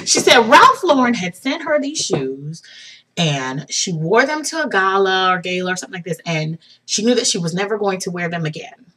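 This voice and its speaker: A young woman telling an excited personal story for her vlog, laughing and swinging from hushed tones to shrieks. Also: mid-range voice, fairly quick, husky. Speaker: vlogger.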